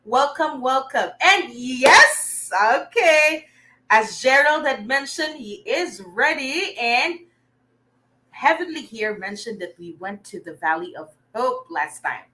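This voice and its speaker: A young woman from the Philippines livestreams a remedial reading lesson, upbeat as she praises students and answers their comments. Her high-pitched voice is pushed and bright with lively intonation, though she speaks slowly. The recording is rough.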